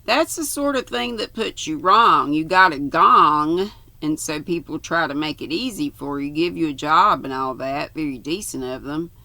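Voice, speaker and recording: A restless, brooding ex-pilot rambles on in a grumbling way, read by an older Southern woman. The voice is gravelly and bright, with a dry, close sound. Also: sits low, lively intonation, moderate pace, no echo, heavily acted. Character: restless middle-aged British ex-pilot, brooding.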